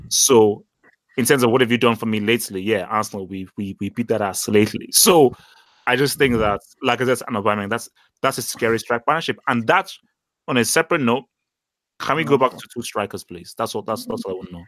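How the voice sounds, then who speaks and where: A man's voice: mid-range voice, fairly quick, fairly bright tone, dry recording. A man co-hosting a football podcast, talking in a blunt, fired-up rant. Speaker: podcast co-host. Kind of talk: casual chat.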